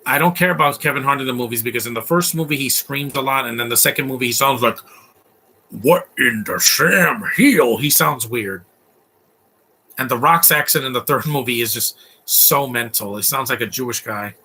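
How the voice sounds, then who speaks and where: A man's voice: mid-range voice, a little fast, pushed and bright. A man in his thirties giving a casual, opinionated live commentary on a film, chatty and full of fillers. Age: 30s. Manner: chatty, opinionated, laughs often, many fillers.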